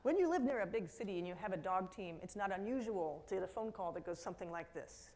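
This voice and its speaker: A middle-aged woman giving a conference keynote talk in a lively storytelling manner, slipping into quoted voices and asides to the audience. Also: mid-range voice, quick pace, slight background noise. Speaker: keynote speaker. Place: conference hall.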